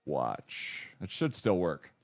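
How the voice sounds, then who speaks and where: A man hosting a live stream, chatting casually and rambling excitedly as he greets and thanks viewers. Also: a bass voice, slow, gravelly, faint music behind. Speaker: streamer host.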